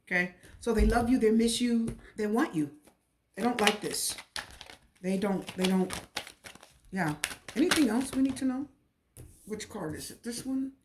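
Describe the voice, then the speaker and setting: A woman's voice: fairly high pitch, unhurried, pauses often, background noise. A woman giving a casual, repetitive and emotional tarot reading. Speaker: tarot reader.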